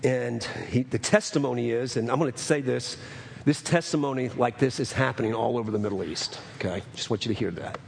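A man preaching a sermon as pastor, earnest, repeating phrases, moving between raised proclamation and hushed asides. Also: medium pitch, a little fast, creaky, a little hiss or hum. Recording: long hall reverb.

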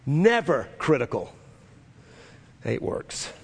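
A male pastor preaching a sermon, emphatic and repeating his key phrases, sometimes shouting them. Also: mid-range voice, very animated, slow, vocal fry, husky. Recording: long reverb of a large hall.

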